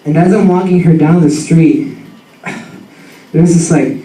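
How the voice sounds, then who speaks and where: A young man telling a funny story about his dog in an animated, slangy way full of fillers. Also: a little high, slow pace. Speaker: student storyteller. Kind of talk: comic personal storytelling. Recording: roomy sound from a distant mic.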